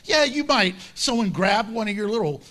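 A man's voice: high-pitched, expressive, moderate pace, bright, forceful tone. A man voicing a king who mocks a rival in a scornful, taunting way. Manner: taunting, dismissive. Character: scornful older male king, mocking.

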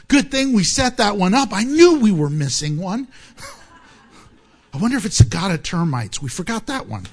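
A man preaching a sermon, animated and joking, often laughing at his own asides. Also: very high voice. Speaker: pastor.

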